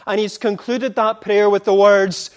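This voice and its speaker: A man with a high-pitched voice preaching a sermon. He retells scripture as vivid dialogue, rising into impassioned declaration and then sinking to near-whispered intimacy. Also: little pitch movement, unhurried, clear, resonant tone. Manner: dramatic retelling with impassioned dialogue, dropping to hushed tones.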